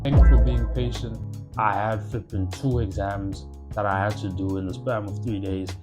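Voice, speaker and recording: A young South African man telling stories in a comedic monologue, animated and full of slang and loud jokes. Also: on the low side, normal speed, over music. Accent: South African English. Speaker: comedy YouTuber.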